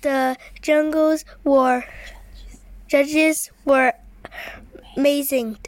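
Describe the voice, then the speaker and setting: A woman reading a children's picture book aloud, slowly and carefully, now and then stumbling over a word. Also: high voice, steady tone, no echo. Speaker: reader.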